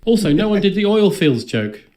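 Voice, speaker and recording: A man's voice: high voice, sing-song, moderate pace, darkish tone. A man co-hosting a comedy podcast, recapping a film in a dry, sardonic way. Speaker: podcast co-host.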